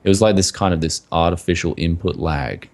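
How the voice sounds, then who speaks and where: A man's voice: deep voice, brisk. A man co-hosting a casual tech podcast who rambles and fills his talk with "like" and "man". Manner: rambling, full of likes and mans. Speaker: podcast co-host.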